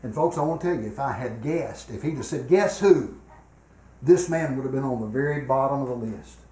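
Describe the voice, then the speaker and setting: An older man preaches a revival sermon in a church sanctuary, his voice medium-pitched and fast. He swings between loud, emphatic exhortation and quiet personal stories, and the room is echoey.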